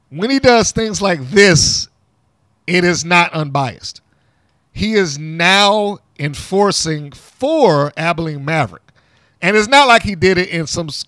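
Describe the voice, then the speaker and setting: Man, podcast co-host, sarcastic, rambling, fairly high voice, dry close sound. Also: fairly bright tone, dry recording. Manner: sarcastic, rambling with restarts and asides. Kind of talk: casual show review.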